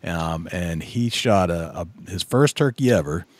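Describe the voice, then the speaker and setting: Very deep-voiced male podcast host. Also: animated, dry recording. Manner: affirming, measured storytelling. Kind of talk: casual conversation.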